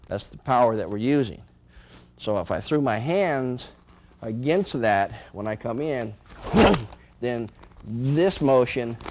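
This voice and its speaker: A man's voice: mid-range voice, a little hiss or hum. A man teaching martial arts, calling out each move while he demonstrates it indoors and chuckling between counted steps. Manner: calls out moves while performing them. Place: indoor training room.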